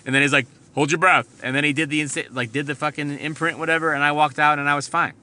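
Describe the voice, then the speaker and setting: A man's voice: on the high side, little pitch movement, very fast, bright, forceful tone. A man hosting a podcast, telling a rambling, profane story from inside his car. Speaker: podcast host. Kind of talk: casual storytelling monologue.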